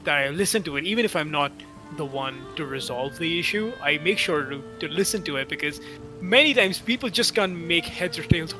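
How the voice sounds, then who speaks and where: A man from India, chatting casually and haltingly while gaming with friends. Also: a little high, animated, over music. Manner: rambling, halting with many fillers and restarts. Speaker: gaming stream co-player. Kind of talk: casual chat.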